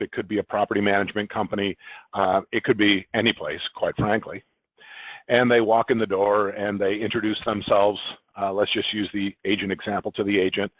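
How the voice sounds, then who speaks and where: Male consultant, lowish voice, measured business talk, dry close sound. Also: no room sound, poor audio. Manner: measured, explanatory, with occasional ums and throat-clearing. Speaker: sales and marketing consultant presenting. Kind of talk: business presentation.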